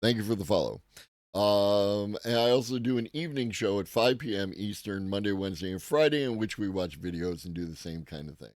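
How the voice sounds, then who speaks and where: A man hosts a live tech-news commentary stream, talking casually and profanely in a rambling way while greeting viewers in chat. His fairly low voice is expressive and a little mellow, and he speaks fairly quickly. The sound is clean and studio-like, with no room sound.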